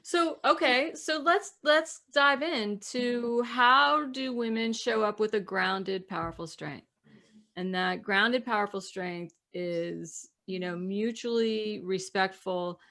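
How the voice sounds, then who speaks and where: A woman hosting a podcast and coaching, talking in a thoughtful way, her voice dropping softly at the ends of phrases. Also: mid-range voice, measured pace. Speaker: podcast host and relationship coach. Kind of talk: casual podcast conversation.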